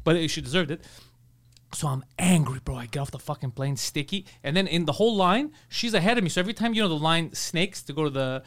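A middle-aged man hosting a podcast, telling profane stories and acting out loud quotes. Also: a little high, fast talker. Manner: animated, profane storytelling with loud acted-out quotes. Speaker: podcast host. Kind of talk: casual podcast chat.

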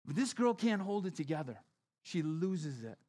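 Conversational male pastor, higher voice. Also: big pitch swings, normal speed, dark tone. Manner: conversational, acts out quotes with shifting pitch and volume. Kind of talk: sermon.

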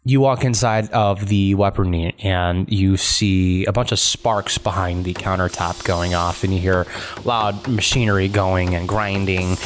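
A man's voice: low voice, steady tone, measured pace, few pauses, slight background noise. A man narrating a tabletop game as game master, rambling and giggly.

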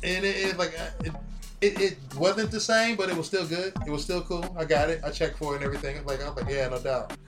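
Man, casual chat, animated, profane, rapid, slightly high voice. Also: over music. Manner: animated, profane storyteller acting out quotes.

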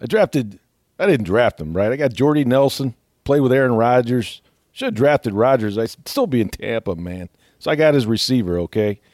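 A man's voice: mid-range voice, expressive, moderate pace, darkish tone, no echo, studio quality, natural voice. A man doing a comic impression of a brash, rambling male football coach who ends almost every phrase with "man". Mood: goofy bravado.

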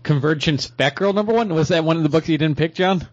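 A man co-hosting a podcast, talking casually about comic books and beer, joking with animated delivery. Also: on the high side, fast. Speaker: podcast co-host. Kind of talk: casual chat. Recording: dull lo-fi podcast audio.

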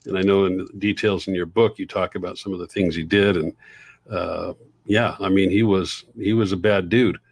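A man with a fairly low voice conducts an interview in a relaxed, conversational way. He mostly offers brief affirmations and asks follow-up questions. The recording is dry and close, with no room sound. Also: moderate pace, husky, no room sound.

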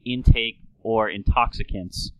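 A man's voice: fairly low pitch, measured pace, dry recording, muffled recording. A man hosting a talk, explaining speech science in a playful, chatty way. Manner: playful, slips into an old-timey radio announcer voice.

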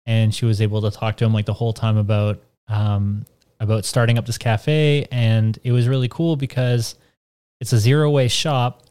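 A man's voice: on the low side, steady tone, moderate pace, darkish tone, smooth. A man from North America co-hosting a casual podcast chat, telling stories in a rambling way with lots of fillers. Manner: rambling, filler-heavy storytelling. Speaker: podcast co-host.

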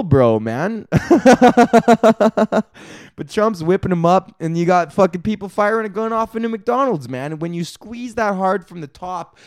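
A male comedy podcast host who rambles and swears through a solo rant, breaking into laughter. His voice sits a touch high. The sound is close-miked and dry, with no room around it. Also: no room sound. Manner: profane, rambling, animated ranting with frequent laughs.

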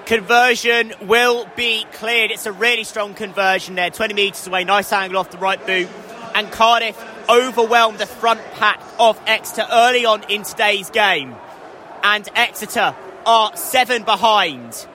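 High bright-voiced young male rugby commentator. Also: moderate pace, a little hiss or hum. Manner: excitable, rising to shouts at scores. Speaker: match commentator. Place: outdoor stadium stand.

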